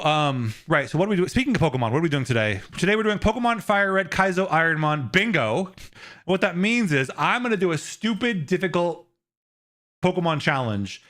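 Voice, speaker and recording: Animated, lively-voiced male streamer. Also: a little high. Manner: animated and rambling, laughs often, many restarts. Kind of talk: casual live-stream chat with viewers.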